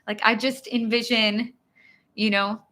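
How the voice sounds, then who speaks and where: A bright, slightly high American woman in her thirties hosts a live-stream Q&A as an English teacher. She takes her time, laughing at herself often. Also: level tone, measured pace. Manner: giggly, self-deprecating.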